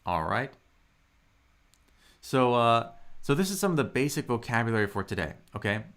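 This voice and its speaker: A man teaching Mandarin in a live online lesson. He draws out model words slowly and chats with viewers. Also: very animated, fairly bright tone. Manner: slow, drawn-out model pronunciations with swooping pitch; friendly, chatty asides to viewers.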